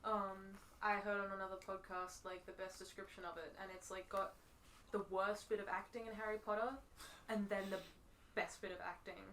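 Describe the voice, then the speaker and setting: A woman's voice: medium pitch, level tone, normal speed, a bit bright, far from the mic, a little hiss or hum, poor audio. A woman chatting casually on a podcast, rambling with many fillers. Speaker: podcast co-host. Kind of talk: casual chat.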